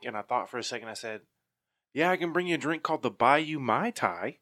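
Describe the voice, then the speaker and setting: A man in casual podcast chat, firing off profane jokes and rambling asides. His voice is bright and sharp, at a middling pitch. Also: expressive, a little fast. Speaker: podcast co-host.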